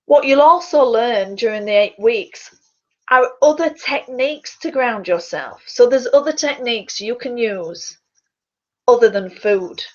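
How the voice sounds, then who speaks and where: A woman, a fitness coach, chatting casually to her webcam from a small quiet bedroom, rambling a little and stumbling over words. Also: on the high side, animated, unhurried. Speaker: fitness coach and public speaker. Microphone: computer mic on a video call. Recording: dull lo-fi webcam audio.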